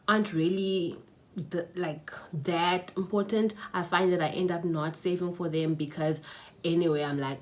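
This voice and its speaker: A woman's voice: lowish voice, steady tone, normal speed, darkish tone, a little hiss or hum. A young woman with a South African accent talking about money habits in a casual vlog, chatty and laughing often, slipping in Zulu words. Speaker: personal finance vlogger. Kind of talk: casual vlog talk to camera. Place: her mother's house.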